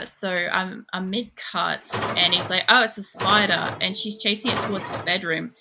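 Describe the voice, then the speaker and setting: A woman's voice: fairly low pitch, creaky. A young woman streams a game, rambling through stories with a lot of swearing and laughter. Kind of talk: casual live-stream chat while playing.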